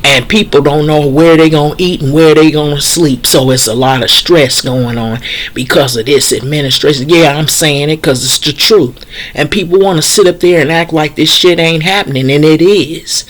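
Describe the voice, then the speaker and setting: A woman's voice: sits low, moderate pace. A woman vlogger giving blunt, impassioned commentary in plain spoken slang. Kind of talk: opinion vlog commentary.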